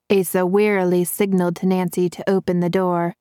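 A woman narrating a story in a measured, clear manner. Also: fairly low pitch, flat delivery, mellow, no echo, studio quality. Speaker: audiobook narrator. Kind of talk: scripted narration.

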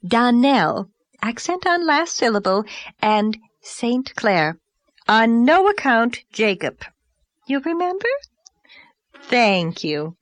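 A fussy, overdressed society lady of middle age, put on by a woman reader, lifting her voice high and drawing out each word with lofty emphasis. Her pronouncements come slow and deliberate, dripping with self-importance. The storybook reading is close and dry. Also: very animated, dry recording. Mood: indignant. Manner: affected, haughty, drawn-out emphatic delivery.

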